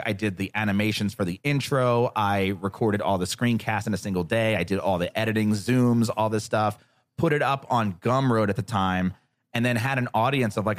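A man as a podcast guest, telling a story in a casual interview, animated and profane, often acting out what others said. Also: lowish voice. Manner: animated, profane, acts out quoted voices.

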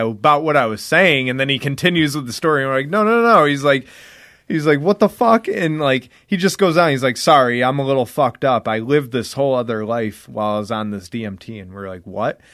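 A man's voice: mid-range voice, fairly bright tone, no room sound, studio quality. A young man hosting a podcast, telling a story in loose, rambling chat full of "like" and swearing. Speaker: podcast host.

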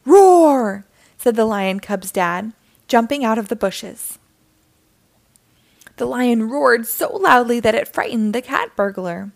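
A woman reading a children's picture book aloud in an animated, sing-song way. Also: a little high, measured pace, gravelly. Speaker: storyteller.

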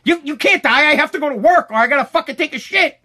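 A man's voice: very high-pitched, animated, fast, background noise, voice pushed up. A man voicing a flustered wife who stammers out indignant complaints. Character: flustered, self-absorbed wife.

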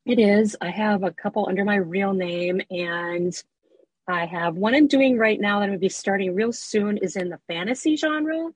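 A woman who writes and narrates erotica, telling her story as a guest in a casual, animated interview chat with plenty of fillers. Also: medium pitch, moderate pace, breathy edge, no echo, rough recording.

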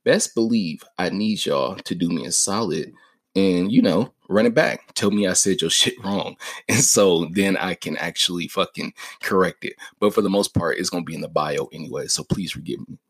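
A man's voice: deep voice, moderate pace, slightly rough. A young man hosting a casual podcast, talking loosely with lots of slang, swearing and fillers. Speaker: podcast host.

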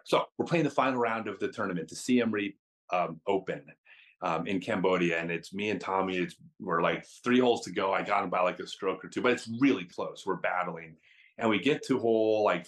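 A man who is a podcast guest and tells chatty, animated stories with frequent restarts. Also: low voice, a little fast. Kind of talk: casual storytelling.

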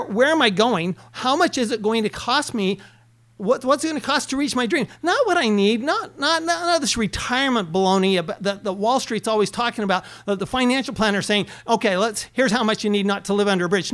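A man's voice: extremely high pitch, animated, fairly quick, a bit bright. A man who is an accountant hosting a podcast, talking in an earnest coaching way and firing off rhetorical questions. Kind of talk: motivational podcast talk.

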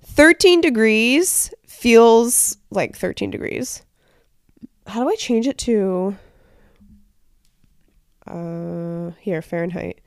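A young pregnant woman chatting casually as a podcast co-host, chatty and quick to laugh. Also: mid-range voice, animated, smooth, no room sound, clean studio sound. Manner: chatty, laughs often, lots of "like". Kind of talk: casual chat.

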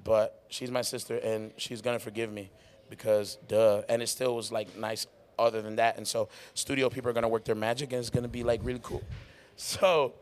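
Having just played a worship show, this podcast host and worship musician runs a casual live podcast in a warehouse-style venue. His medium-pitched voice is brisk but nearly gone. He's excitable, rambling and laughing a lot.

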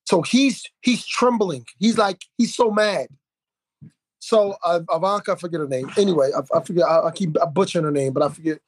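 A man's voice: high-pitched, a little fast, dry recording. Fired-up man telling a story on a podcast. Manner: animated storytelling, acts out quotes, many fillers and restarts. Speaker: podcast host. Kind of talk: casual podcast conversation.

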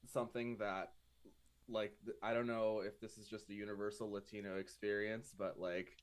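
A man's voice: on the low side, level tone, moderate pace, clear, resonant tone. A man playing a tabletop game, joking casually and tripping over his words. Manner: joking, stumbling restarts. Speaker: player.

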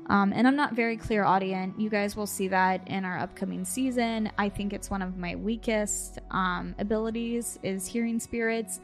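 A woman podcast host telling a story casually over a video call, animated, laughing and swearing as she goes. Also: mid-range voice, normal speed, hardly any pauses, faint music behind.

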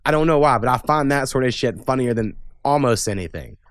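A man's voice: medium pitch, animated, fairly quick. A man hosting a podcast in casual chat, rambling, cursing and laughing often. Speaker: podcast host.

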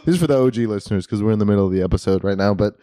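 A man hosting a podcast in casual chat, talking in a quick, rambling way with lots of fillers. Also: fairly low pitch, mellow, dry recording. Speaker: podcast host.

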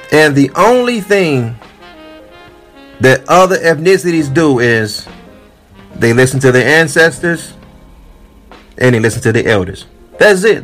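A man's voice: fairly high pitch, a bit bright. A man giving emphatic, sermon-like commentary on a video, repeating his points for his audience. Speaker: commentary vlogger. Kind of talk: preachy commentary.

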